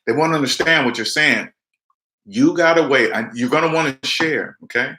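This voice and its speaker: Guy in his 40s preaching to his viewers, keeps repeating himself, acts out quotes, mid-pitched voice, echoey room. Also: normal speed, pushed and bright. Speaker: personal finance vlogger. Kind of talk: casual motivational monologue to camera.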